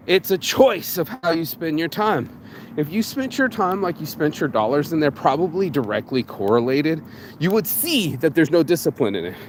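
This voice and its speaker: A man's voice: on the high side, slight background noise. Rambling man talking in his car. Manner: rambling, swears a lot, says "bro" often. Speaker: vlogger. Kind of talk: casual motivational monologue. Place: in a car in a parking lot.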